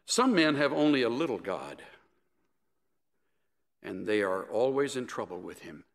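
A man voicing a gentle, wise elderly male seminary professor, speaking kindly and unhurriedly. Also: mid-range voice, big pitch swings, a little slow, creaky. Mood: gentle, earnest. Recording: echoey hall.

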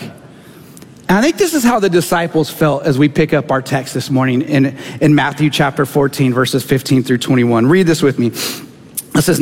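A man's voice: mid-range voice, animated, normal speed. A man, a pastor preaching a sermon with earnest, personal storytelling. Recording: long church hall reverb.

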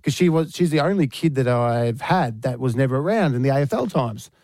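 A man with an Australian accent, a radio host telling a lively footy story and acting out the quotes as he goes. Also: medium pitch, a little fast, dry recording, studio quality. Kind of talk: radio show banter and storytelling.

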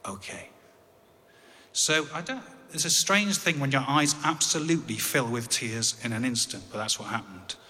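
A man's voice: medium pitch, moderate pace, pushed and bright, big-room sound. An English man telling a personal story in a conversational way with dry, wry humor. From England.

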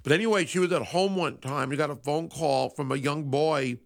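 A man's voice: a little high, steady tone, moderate pace, vocal fry. A man hosting a sports radio show, telling a story in a rambling, conversational way. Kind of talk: casual radio monologue.

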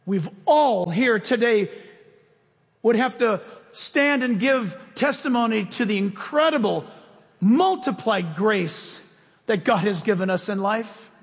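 A man preaching a sermon as pastor, telling stories with lively swings between loud emphasis and soft asides. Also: sits high, slow pace, in a large hall.

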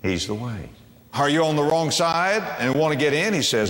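A man preaching a sermon, dropping to a hush and then soaring, repeating phrases for emphasis. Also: mid-range voice, lively intonation, moderate pace, gravelly. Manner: impassioned, swings from hushed to soaring, repeats phrases. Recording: reverberant hall sound.

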